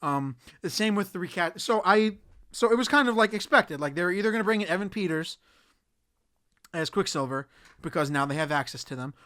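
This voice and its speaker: A man's voice: sits high, expressive, fairly quick, sharp tone. A young man hosting a solo podcast, ranting casually and swearing often in an exasperated tone. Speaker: podcast host.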